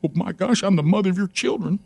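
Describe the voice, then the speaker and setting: Fast-talking animated male storyteller. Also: high voice, creaky, slightly rough, dry recording. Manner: animated storyteller, many restarts, acts out his wife's lines. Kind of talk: casual storytelling chat.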